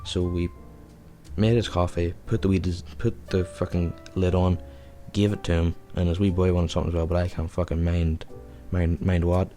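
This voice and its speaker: A man's voice: sits low, flat delivery, normal speed, mellow, faint music behind. A young man hosting a podcast, telling a rambling, profane anecdote in a casual way. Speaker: podcast host. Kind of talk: casual storytelling.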